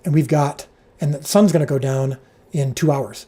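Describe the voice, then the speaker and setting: A man with a slightly high, husky voice tells a lively behind-the-scenes story on a livestream. His tone stays mellow and soft-edged. He stumbles and restarts often, and his pitch jumps when he quotes the crew. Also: normal speed. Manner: animated anecdote, jumps up in pitch when quoting people; frequent restarts and filler words. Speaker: show creator and director.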